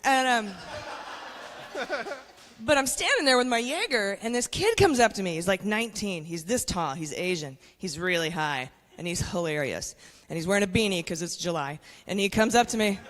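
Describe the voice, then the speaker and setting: A woman's voice: mid-range voice, expressive, moderate pace, fairly bright tone, long reverb tail. A woman in her forties performing a stand-up comedy set, brash and conspiratorial, talking straight to the crowd on a club stage with a handheld mic. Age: 40s.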